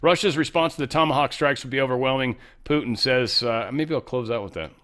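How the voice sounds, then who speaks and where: A man's voice: medium pitch, fairly quick, fairly bright tone, clean tone. A man hosting a show, giving casual political commentary in a blunt, rambling way with frequent profanity. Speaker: show host.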